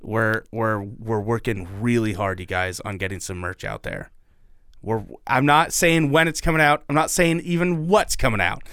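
A man's voice: on the low side, normal speed, fairly bright tone, clear, resonant tone, no room sound, studio quality. A young man co-hosting a podcast in casual chat, rambling with restarts and the odd swear word. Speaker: podcast co-host.

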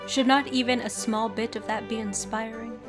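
A woman voicing a polite young Regency gentleman in a formal, courteous and slightly evasive way. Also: fairly high pitch, fairly even intonation, moderate pace, over music, natural voice.

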